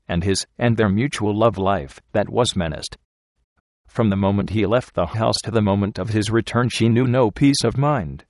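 A man reading a novel aloud as narrator, in a measured, steady way. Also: lowish voice, no echo, clean studio sound. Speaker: audiobook narrator.

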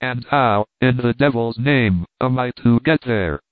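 A man's voice: mid-range voice, a little slow, close to an everyday voice. A furious first mate, acted by a male reader, roars his threats and demands. His fury drives every line. The sound is tinny and close, with no echo. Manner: furious, shouting. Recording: tinny phone-like dry sound.

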